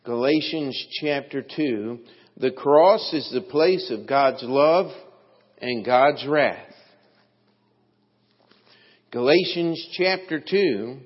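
A man preaching a sermon as pastor, slow and deliberate, with emphatic swells in his delivery. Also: medium pitch. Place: church sanctuary. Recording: dull, lo-fi, long hall reverb.

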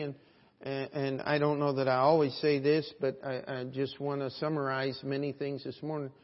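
A male pastor delivers a sermon in an earnest, rhetorical way, pressing his listeners with question after question. His voice sits at a middle pitch and swings between hushed and loud stretches. The recording is dull and carries a long hall reverb. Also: level tone, moderate pace.

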